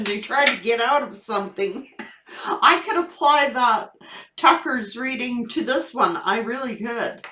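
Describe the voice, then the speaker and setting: A woman's voice: on the high side, fairly bright tone. A woman doing a casual tarot reading video, telling a funny story with plenty of laughter. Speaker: tarot reader. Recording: echoey room.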